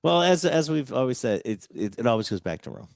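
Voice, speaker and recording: A man's voice: mid-range voice, sing-song, brisk, vocal fry, no echo, clean studio sound. A man hosting a casual radio talk show, chatting loosely and restarting his sentences often. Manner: chatty, rambling with many restarts.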